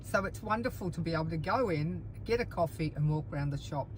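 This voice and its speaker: A middle-aged woman, a mother, chatting alongside her daughter in an agreeable, expressive way. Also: sits low, quick pace, a little hiss or hum. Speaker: mother of the co-host.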